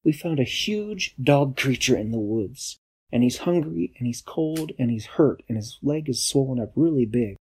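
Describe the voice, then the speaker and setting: A man's voice: mid-range voice, animated, normal speed, a little mellow, breathy edge, pitched above the performer's own voice. A man voicing a clumsy, eager young female explorer in an improvised bedtime story, in an earnest, pleading way. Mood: urgent.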